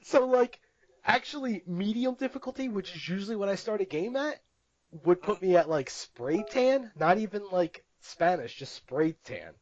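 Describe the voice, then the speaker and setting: Animated, high-pitched man telling stories. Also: normal speed, muffled recording. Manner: animated, laughs often, acts out quotes. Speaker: podcast co-host. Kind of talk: casual chat, storytelling.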